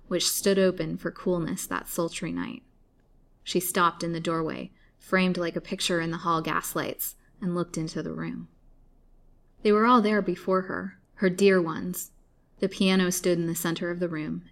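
A woman narrating a storybook aloud in a scripted reading, rising into bursts of expression at dramatic moments. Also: lowish voice.

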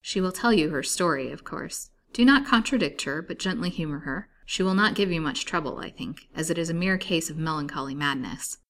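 This is a cold, businesslike male doctor in a storybook reading, as a woman narrator puts him on. He gives his instructions abruptly, in a fairly low voice. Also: expressive, fairly quick, hardly any pauses, a bit bright. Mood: brisk. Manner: abrupt, clinical. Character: stern male asylum doctor, brisk and cool.

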